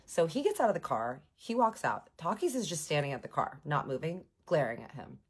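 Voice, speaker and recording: A woman with a low voice tells a personal story in a casual vlog. She is sarcastic and animated, and she swears freely. Her delivery is lively, with quick asides and jokes. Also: breathy edge. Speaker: vlogger.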